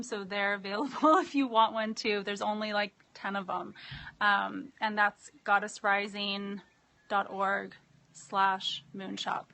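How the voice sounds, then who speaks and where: A woman's voice: mid-range voice, bright, forceful tone. A woman hosting a live online circle, gushing and spiritual, chatting to viewers and reading out their comments. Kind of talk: live video stream chat.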